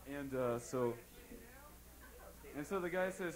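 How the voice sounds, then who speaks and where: A man fumbles through a joke on a concert stage, stalling with endless fillers and circling back to lose his place. His voice sits a little high. Faint music hangs behind him. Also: slow, long pauses, poor audio. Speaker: comedian. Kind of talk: rambling live joke telling.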